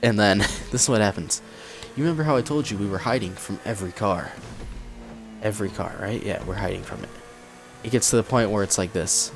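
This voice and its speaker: A young man casually telling a personal story on his channel, acting out what people said with lively energy. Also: fairly low pitch, brisk, over music. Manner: animated storytelling, acts out quotes. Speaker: vlogger. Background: cat in the room.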